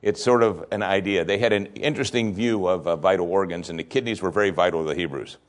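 A man pastor preaching a sermon, reading verses slowly with emphasis and asking rhetorical questions. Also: lowish voice.

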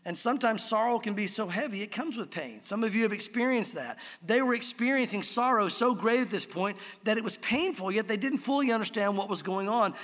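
A high-voiced man preaches as a pastor, slowing down to lean on key words of scripture. His voice carries a long reverb, as in a church sanctuary. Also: fairly bright tone. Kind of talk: sermon.

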